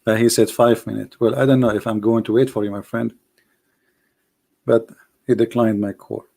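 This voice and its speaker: Hoarse, mocking male debate host. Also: on the low side, fairly even intonation, moderate pace, warm tone. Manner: mocking, combative, repeats phrases for emphasis. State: losing his voice, coughing. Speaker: host of a live call-in debate stream. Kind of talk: live call-in debate, addressing callers and viewers.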